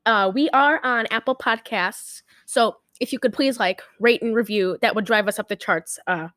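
A woman's voice: fairly high pitch, normal speed, fairly bright tone, no echo, clean studio sound. A woman hosting a podcast in casual chat, giggling often and rambling with lots of fillers. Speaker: podcast host.

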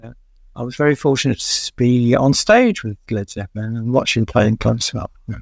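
An older man, a veteran music journalist, telling rambling anecdotes in an interview with frequent pauses and chuckles. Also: medium pitch, gravelly, no room sound.

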